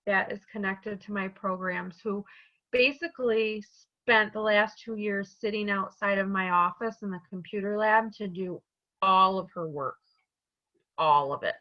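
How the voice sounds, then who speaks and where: A woman's voice: medium pitch, dull audio. A woman on the staff of a community college, speaking earnestly and from the heart in a webinar panel discussion over a video call.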